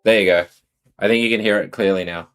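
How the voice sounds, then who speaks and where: A man's voice: lowish voice, steady tone, quick pace, fairly bright tone, clear, resonant tone. A man with an Australian accent chatting casually on a live stream, greeting and answering his viewers.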